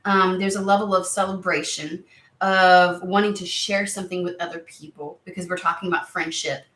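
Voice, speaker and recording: A woman's voice: fairly low pitch, fairly even intonation, moderate pace, fairly bright tone, echoey room. A woman giving a casual tarot reading to camera, chatty and rambling, easily sidetracked. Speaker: tarot reader.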